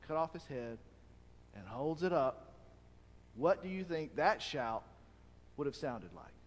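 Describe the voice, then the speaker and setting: Male pastor, sermon, animated delivery, somewhat high voice, church-hall reverb. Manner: animated, acts out crowd shouts.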